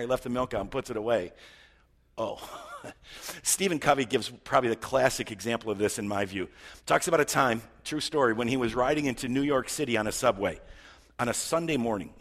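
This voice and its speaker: A middle-aged male pastor delivers an earnest, conversational sermon, often tripping over his words and restarting. His voice is slightly husky and sits at an ordinary male pitch. A long reverb from a large church hall follows his speech. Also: fairly bright tone.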